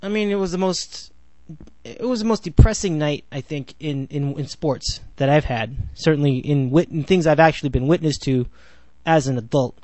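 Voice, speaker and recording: A man's voice: a little high, normal speed, a little mellow, no echo. A man in his twenties hosting a solo sports podcast, rambling with sarcastic asides and frequent self-corrections. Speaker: podcast host.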